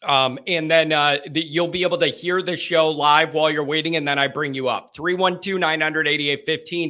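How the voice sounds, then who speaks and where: A man hosting a live call-in show, chatting casually in an energetic, rambling, joking way from a green-screen set. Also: fairly high pitch, normal speed, hardly any pauses.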